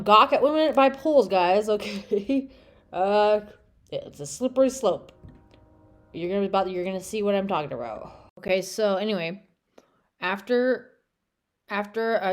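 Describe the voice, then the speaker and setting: Chatty woman retelling bible stories. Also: mid-range voice. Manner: chatty, lots of "okay?" and "right?". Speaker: bible series host.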